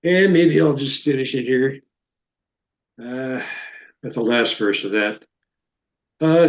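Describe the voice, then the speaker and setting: A man's voice: medium pitch, expressive, takes it slowly, pauses often, highs cut off. Man giving a joking slideshow talk, echoey. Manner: joking, rambling storyteller. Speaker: guest presenter.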